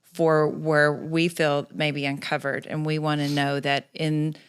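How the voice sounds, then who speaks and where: Calm woman with a smooth, steady voice. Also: sits low, measured pace. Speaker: podcast co-host. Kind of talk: casual faith and family chat.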